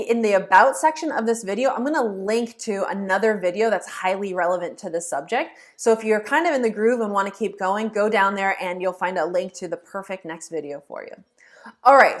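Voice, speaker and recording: A woman teaching her viewers directly, upbeat, acting out imagined inner voices as she explains. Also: medium pitch. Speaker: law of attraction teacher. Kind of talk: teaching to camera, casual.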